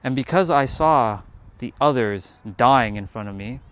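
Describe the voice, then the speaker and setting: Man, motivational live streamer, earnest, blunt, swears a lot, mid-pitched voice, faint background hiss. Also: expressive, a little slow. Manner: earnest, blunt, swears freely, repeats for emphasis. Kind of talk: casual motivational monologue.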